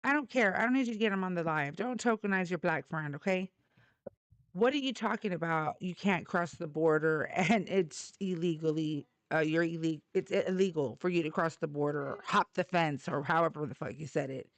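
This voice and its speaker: A live call-in show host argues politics with callers in a blunt, mocking, combative way during a heated debate. The voice is medium in pitch, brisk with few pauses, in a dry recording.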